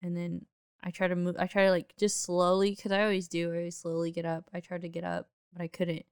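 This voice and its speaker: A woman telling an animated personal story in casual chat, often laughing. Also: lowish voice, fairly quick, smooth, dry recording, studio quality.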